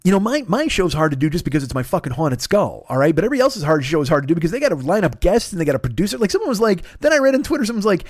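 A man's voice: high-pitched, big pitch swings, very fast, hardly any pauses, a little mellow, dry recording, clean studio sound. A man hosting his own podcast, ranting in a profane, sarcastic solo comedic monologue. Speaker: podcast host.

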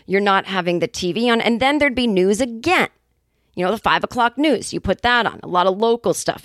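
Woman in her fifties, comedic podcast host, from Boston area, profane, animated, dry sound. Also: medium pitch, fairly quick, no echo. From New England, Boston area. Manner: animated, profane, jokey asides. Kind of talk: casual comedic monologue.

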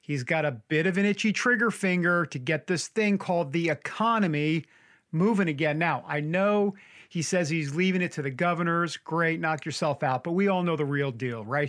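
A man's voice: a little high, normal speed, a bit bright. A man with a New York accent hosting a podcast, talking in a chatty, jokey, rambling way with self-mocking asides. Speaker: podcast host.

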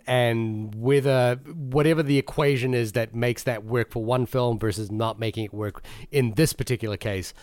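A man's voice: on the low side, smooth, no echo. A man co-hosting a film podcast, talking through his points at length with many restarts and fillers. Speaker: podcast co-host. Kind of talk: casual film discussion.

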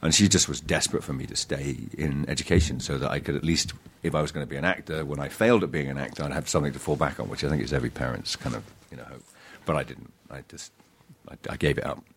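Very deep-voiced actor. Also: male voice, steady tone, slight background noise. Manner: halting, self-deprecating, many restarts and fillers. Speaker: actor and interview guest. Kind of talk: casual interview storytelling.

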